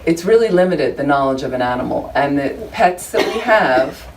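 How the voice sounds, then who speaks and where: Woman dharma teacher, low voice, informal and joking, picked up from across the room, faint hiss. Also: expressive, normal speed. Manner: chatty, humorous, conversational with frequent asides. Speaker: Buddhist study group teacher. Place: room with a small group of listeners. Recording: distant room recording, faint background noise.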